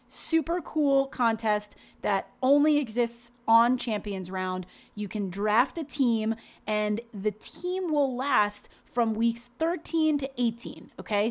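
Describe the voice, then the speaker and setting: A woman in casual podcast chat, with a slightly high voice. She sounds bubbly and talkative, with fast bursts and frequent fillers. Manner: bubbly, chatty, lots of "like". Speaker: podcast co-host. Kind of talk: casual chat and read sponsor spot.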